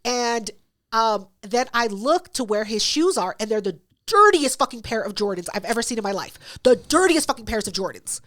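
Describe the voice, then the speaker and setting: A woman's voice: a little high, big pitch swings, moderate pace, a bit bright. A woman hosting a podcast, telling a story in casual, profane chat and acting out both sides of it. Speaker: podcast host.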